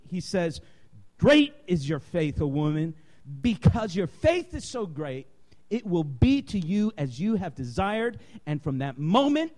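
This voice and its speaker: Male preacher, sermon delivery, very high voice, swooping animated intonation, impassioned. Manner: impassioned, emphatic, building to shouts.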